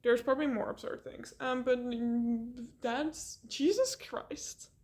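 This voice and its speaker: A young woman telling a rambling, animated story in a casual vlog, laughing often and swearing. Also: fairly high pitch, takes it slowly.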